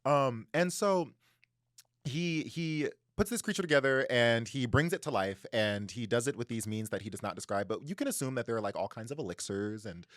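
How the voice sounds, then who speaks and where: A man co-hosting a casual book podcast, a sociologist who talks in a jokey, animated way full of fillers and acted quotes. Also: mid-range voice, moderate pace, no room sound, clean studio sound. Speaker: podcast co-host.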